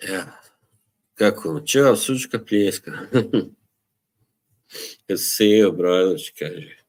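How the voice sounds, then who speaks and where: Slow, low-voiced man chatting on stream. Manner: relaxed, rambling, laughs often, mixes in Bosnian. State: tired from little sleep. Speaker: live stream host. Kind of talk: casual live-stream chat with viewers.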